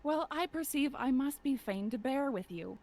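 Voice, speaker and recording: A woman's voice: high voice, expressive, a little mellow. A woman reading a witty, punning young male servant in a live amateur read-through of a play. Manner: quick cheeky punning banter.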